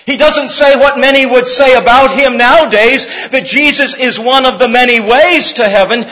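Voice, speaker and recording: High-voiced fervent preacher in a hall. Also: male voice, normal speed, sharp tone. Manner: fervent, emphatic, builds through repeated phrases. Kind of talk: sermon.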